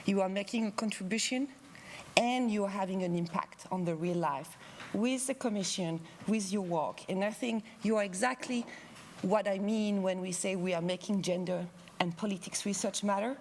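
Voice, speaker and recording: A woman's voice: mid-range voice, a little mellow, a little hiss or hum. Playful woman presenting an academic award. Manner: playful, teasing, talks quickly in bursts. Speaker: conference co-convener presenting an award. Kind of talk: joking award speech at a conference.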